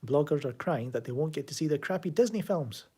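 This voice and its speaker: Streaming live from his home room, a man with a Glaswegian accent answers chat by reading it aloud, his talk casual, rambling and sardonic. His voice is a little high, animated and mellow with a breathy edge, and he talks fairly quickly.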